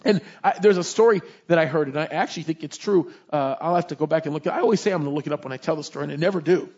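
A man preacher giving a sermon, retelling Bible stories in an animated, informal way with slangy asides. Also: a little high, rapid-fire. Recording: dull lo-fi recording.

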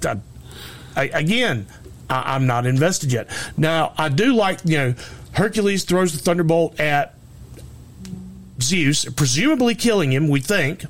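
A man's voice: a little high, expressive, measured pace. A man co-hosting a podcast, rambling sarcastically about a movie with a lot of restarts and some swearing. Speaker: podcast co-host. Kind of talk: casual movie review chat.

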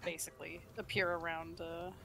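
A woman playing a tabletop game who speaks in a soft, hesitant way. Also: fairly low pitch, little pitch movement, a little fast, gravelly, a little hiss or hum. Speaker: player.

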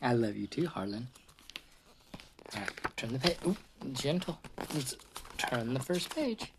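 With a quick, upbeat hello to his audience, this father reads a picture book to his little one in a gentle storybook style. His medium-pitched voice is animated and measured in pace, and the background is noisy.

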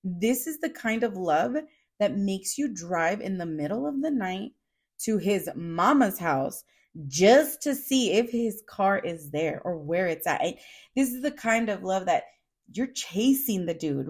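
A woman's voice: medium pitch, lively intonation, measured pace. A woman hosting a solo podcast, talking to listeners in a candid, chatty way, laughing through her lines and swearing casually. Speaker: podcast host.

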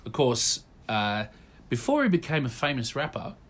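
Male co-host, deadpan trivia reader, casual banter. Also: mid-range voice, normal speed. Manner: dry, teasing, reads facts aloud. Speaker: podcast co-host. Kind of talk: casual chat.

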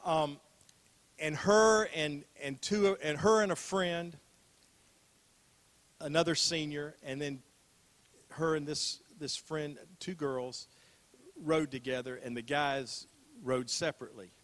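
An older man delivers a sermon from the pulpit in an easy, conversational way. His voice sits a little high for a man, and he leans on repeated phrases and rhetorical questions aimed at his listeners. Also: fairly even intonation, slow pace, long pauses, fairly bright tone. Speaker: pastor.

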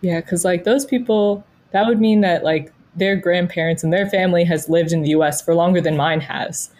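A woman's voice: on the low side, fairly even intonation, moderate pace, a little mellow. An American woman co-hosting a podcast, telling stories in a casual, chatty way full of "like". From United States. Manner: chatty, storytelling, frequent "like" fillers. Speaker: podcast co-host.

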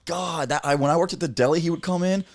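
A man's voice: a little high, quick pace. A young man in casual podcast chat, tossing in joking, teasing asides. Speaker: podcast guest.

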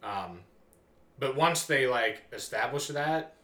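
A man's voice: medium pitch, lively intonation, slow pace, a bit bright. A man co-hosting a casual chat podcast, thinking aloud in a hesitant way. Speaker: podcast co-host. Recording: echoey room.

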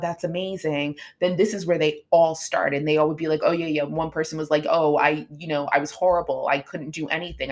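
A woman fitness coach, middle-aged, with a slightly low voice. She talks in a casual, motivational way and acts out what her students said to her. The tone is animated and chatty. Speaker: fitness coach and podcast host.

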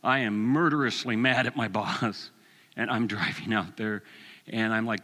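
A man in his sixties preaching a sermon, telling a personal story with animated delivery and chuckles. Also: on the low side, moderate pace, long reverb tail.

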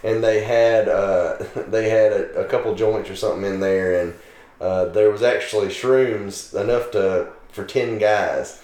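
A man's voice: on the low side, steady tone, unhurried, a little mellow. A man co-hosting a podcast, eagerly sharing movie trivia in a casual, easygoing way. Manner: shares trivia eagerly, easy laugh. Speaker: podcast co-host. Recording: echoey room.

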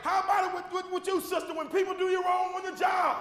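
High-pitched shouting preacher in a hall. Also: male voice, little pitch movement, fast talker, a faint crowd. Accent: Southern American. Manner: preaching with rising shouts, repeating refrains. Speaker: pastor. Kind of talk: sermon. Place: church sanctuary with congregation. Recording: echoey hall recording. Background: congregation responses.

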